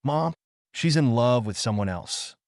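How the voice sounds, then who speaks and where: A heartbroken father from an audio story speaks in a soft, aching voice, as a male narrator puts him on. His pitch rises and falls expressively. The sound is dry and close, with no room echo. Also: expressive, a little slow. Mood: pained, gentle. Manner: soft and pained.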